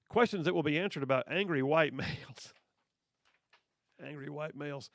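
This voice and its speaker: A man's voice: a little high, fairly quick, creaky, no echo. A male radio host reading news stories aloud with sarcastic, teasing asides to his listeners, recorded on a studio microphone. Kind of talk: conservative talk radio commentary.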